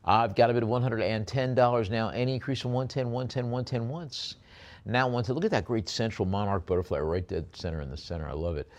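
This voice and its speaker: A man running a live auction, rattling off bids quickly and breaking into chatty, filler-heavy descriptions of each lot. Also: medium pitch. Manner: rapid bid calling mixed with chatty asides and many fillers.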